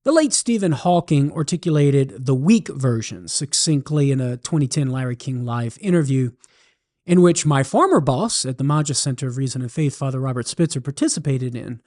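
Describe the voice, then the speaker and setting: A man from southern Louisiana with a Cajun accent, hosting a religious radio talk show as an animated storyteller. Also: medium pitch, moderate pace. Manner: animated storyteller, jokes and laughs. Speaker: radio show host, apologist.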